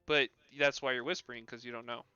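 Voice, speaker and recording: Bright, crisp male game master. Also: medium pitch, steady tone, fast, dry recording, lo-fi sound. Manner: loose narration full of "like" and "um". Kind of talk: narrating a tabletop game on a live stream.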